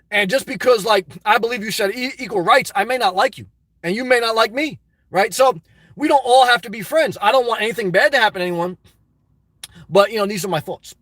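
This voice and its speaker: Sitting in his car, a man livestreams, reading the chat aloud and rambling crudely and excitably off the cuff. His voice sits high, and the recording is dry.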